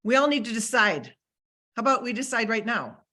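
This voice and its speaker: Bright-voiced, emphatic motivational speaker woman. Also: on the high side, big pitch swings, fairly quick. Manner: emphatic, repeats key phrases. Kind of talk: motivational talk.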